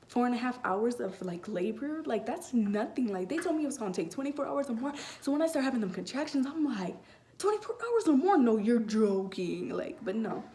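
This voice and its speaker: A woman's voice: medium pitch, warm tone, slight background noise. A teenage girl telling a personal story in a casual vlog, rambling with many fillers and restarts. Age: late teens. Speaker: vlogger.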